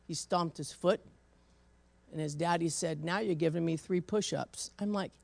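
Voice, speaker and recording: An older woman, a grandmother, preaching a sermon full of personal stories, swinging between loud and hushed. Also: on the low side, moderate pace, gravelly, no room sound. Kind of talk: storytelling sermon.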